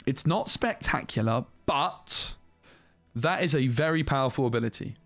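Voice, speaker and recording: A man giving casual, animated commentary as he reviews trading cards, thinking aloud and restarting sentences as he goes. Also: medium pitch, normal speed, no room sound, faint music behind. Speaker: card game reviewer.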